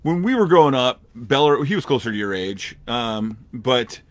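A man's voice: mid-range voice, expressive. A man co-hosting a casual podcast chat, talking in an emphatic, rambling way. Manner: rambling, emphatic, fast talker. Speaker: podcast co-host.

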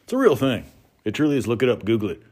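A man's voice: medium pitch, big pitch swings, racing, darkish tone, husky. A man from North Idaho delivering a folksy, drawling comedic rant from his home workshop, chuckling between lines. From North Idaho, USA. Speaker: comedic monologuist.

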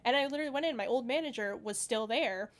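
A young woman co-hosts a podcast in a casual chat, her voice on the high side and her pace quick. She rambles freely, laughing often and using lots of fillers.

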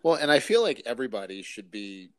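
A man co-hosting a podcast in relaxed casual chat, often restarting his sentences. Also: mid-range voice, fast, dry recording. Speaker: podcast co-host.

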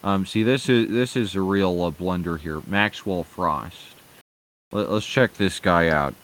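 Low-voiced sarcastic male commentator. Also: a little slow, fairly bright tone. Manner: hesitant, sarcastic, swears, many fillers. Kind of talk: casual commentary.

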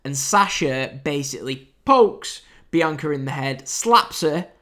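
A man's voice: a little high, lively intonation, a little slow, bright, forceful tone. A British man with an English accent, hosting a casual solo wrestling review podcast, chatty and wry with frequent fillers and restarts. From United Kingdom.

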